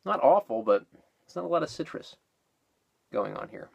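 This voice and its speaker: A man talks through a beer review in a loose, rambling way, and he is slightly out of breath from exercise. He fills pauses with ums and uhs and corrects himself as he goes. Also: on the high side, very animated, gravelly, slightly rough, dull audio. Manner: rambling, with many fillers and self-corrections.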